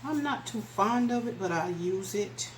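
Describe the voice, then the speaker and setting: In a casual cooking demo, a woman chats folksily with her viewers while she prepares a recipe in her small home kitchen. Her mid-range voice has lively intonation and a measured pace. She runs the camera herself, and its built-in mic catches the kitchen's echo and background noise.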